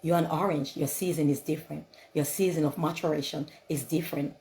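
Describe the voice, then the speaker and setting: A woman's voice: sits low, steady tone, fairly quick, warm tone, a little hiss or hum, poor audio. A woman speaking English as a second language, giving a motivational talk laced with scripture, emphatic and repetitive, full of rhetorical questions. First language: not English.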